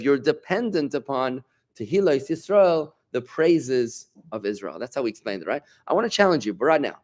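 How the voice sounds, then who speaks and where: A middle-aged man, a rabbi, giving an informal Torah class in an animated, emphatic way, bantering with his listeners. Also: fairly high pitch.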